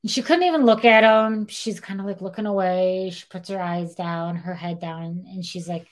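Young female podcast host, casual, lower pitch, animated retelling with acted quotes. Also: moderate pace. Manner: animated, acts out quotes in dialogue, says "like" a lot. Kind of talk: casual true-crime storytelling.

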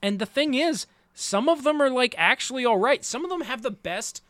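A man with a high voice talks through an anime plot in loose, rambling casual chat, swearing freely and restarting his sentences. His voice is recorded close and dry, with no room sound around it. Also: animated, moderate pace, fairly bright tone, no room sound. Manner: rambling, profane, many restarts and fillers. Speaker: podcast co-host recapping an anime.

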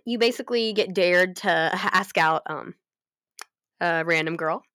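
Animated, swearing young woman. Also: lowish voice, unhurried, no echo, studio quality. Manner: animated and profane, with many fillers and laughs. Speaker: fan fiction recapper. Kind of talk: casual chat.

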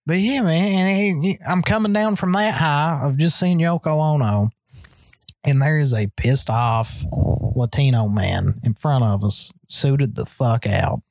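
A man's voice: unhurried, vocal fry, dry recording. A man spins a story for his podcast co-host, cussing freely and letting his voice leap up when the story gets good. His voice sits in a middle range and sounds close and dry on the mic, with no room sound. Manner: profane, animated storyteller with big pitch swings. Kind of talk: casual storytelling chat.

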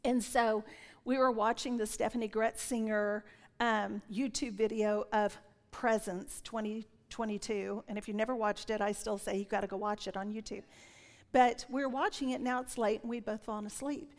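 A woman in her sixties delivers a sermon full of personal testimony, a slightly high voice, animated, dipping into whispers. Her words ring out with the long reverb of a big church hall. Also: moderate pace. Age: 60s. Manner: animated storytelling, drops to whispers when quoting. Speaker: preacher.

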